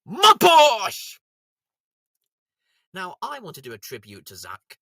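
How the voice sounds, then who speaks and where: Man, high voice, comedy show host, jokey commentary, bright tone, very animated pitch, dry close sound. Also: a little fast, gravelly, breathy edge, no room sound. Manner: jokey, bursts into silly shouted voices.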